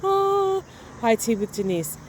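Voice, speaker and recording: A woman's voice: medium pitch, measured pace, mellow, a little hiss or hum. A woman vlogging casually to camera outdoors in her garden, chatty and enthusiastic, often trailing off with fillers. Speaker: astrology vlogger.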